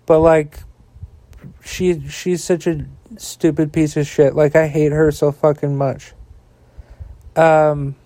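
A man's voice: on the high side, flat delivery, mellow, no echo. A tired man hosting a podcast alone, rambling and swearing about the news, with many fillers. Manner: profane, angry ranting; slow, rambling delivery with frequent fillers. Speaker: podcast host. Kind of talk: casual solo political commentary.

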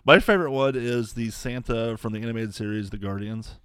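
A man's voice: medium pitch, a little fast, a bit bright, clear, resonant tone, no echo, studio quality. A man co-hosting a podcast in casual chat, talking enthusiastically and gushing about what he likes. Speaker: podcast co-host.

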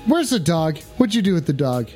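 A loud, foul-mouthed man hosting a livestream, his voice pitched high as he shouts catchphrases at the camera. Faint music plays behind him. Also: sing-song, a little fast. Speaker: livestream host. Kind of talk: rowdy livestream banter. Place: at home in front of cameras.

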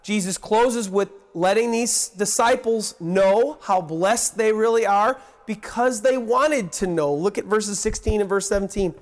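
High-voiced preacher, earnest. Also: male voice, measured pace, hardly any pauses. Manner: earnest, swings between hushed and excited emphasis. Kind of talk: sermon.

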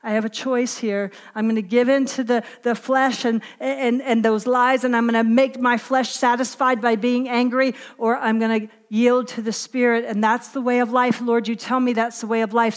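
Emphatic middle-aged woman preaching. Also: high-pitched. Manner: emphatic, conversational, asks the audience to fill in words. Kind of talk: sermon.

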